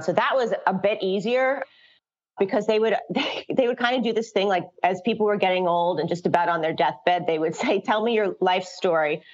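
A middle-aged woman, a children's book author, talking in a casual interview, chatty and frank, laughing often between restarts. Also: lowish voice. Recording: dull lo-fi audio.

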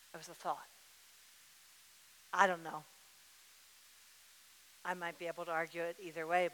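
Recorded in an echoing hall with a little hiss or hum, a woman with a lowish, slightly bright voice delivers a sermon. She repeats words for emphasis and acts out the responses she wants from her listeners.

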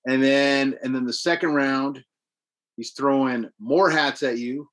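A man's voice: medium pitch, a little slow. Casual male co-host, loose storyteller, salty language. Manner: swearing, animated storytelling about games. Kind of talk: casual chat.

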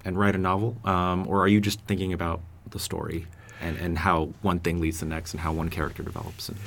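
Deep-voiced fast-talking male interviewer. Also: little pitch movement, vocal fry, slight background noise. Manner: asks long, setup-heavy questions. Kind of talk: interview questions.

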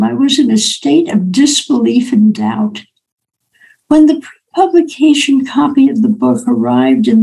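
A woman's voice: sits high, creaky, a little mellow, low-quality recording. An older woman, an author, telling a personal story and acting out the dialogue in it. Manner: personal, anecdotal, acts out quoted dialogue. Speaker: author and speaker. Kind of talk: storytelling talk.

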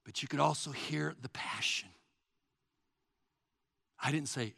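A man in his sixties preaching a sermon as pastor, swinging from hushed murmurs to shouts. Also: a little high, unhurried, creaky, slightly rough. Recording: long hall reverb.

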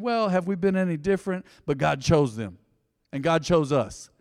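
A man's voice: fairly high pitch, animated, moderate pace, darkish tone, big-room sound. A man preaching a sermon, telling stories in a conversational way and calling out to the congregation. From United States. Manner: conversational, storytelling, engaging the crowd. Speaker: pastor. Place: church hall.

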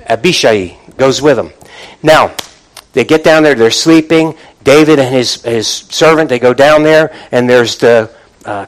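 A man's voice: medium pitch, rough recording. A man preaching a sermon, retelling scripture in a casual conversational way, often restarting phrases and asking the congregation for responses. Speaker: pastor.

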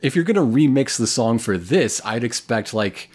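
Lively-voiced man joking on a podcast. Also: mid-range voice, normal speed, breathy edge. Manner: joking, wry asides, laughs often. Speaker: podcast co-host. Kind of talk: casual chat recapping an anime.

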